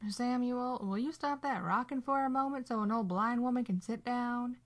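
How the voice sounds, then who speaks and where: A woman voicing a gentle, teasing old blind woman who speaks fondly and motherly in a storybook reading. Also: on the high side, normal speed, voice pushed up, lightly acted.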